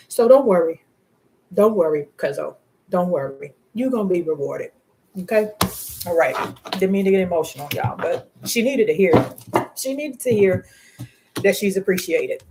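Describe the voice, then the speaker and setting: A woman giving a live tarot reading in a casual, slangy way, speaking warmly to the viewer and to spirit guides, often breaking into laughter. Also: fairly low pitch. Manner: heartfelt, often laughing between words. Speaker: tarot reader.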